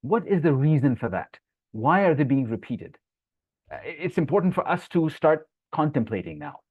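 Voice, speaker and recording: A man teaching a live online Quran lesson. He explains each point, answers viewers' comments from the chat, and recites Arabic verses quickly between his English explanations. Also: a little high, sing-song, husky, dry recording. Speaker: Islamic teacher. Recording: tinny phone-like dry sound.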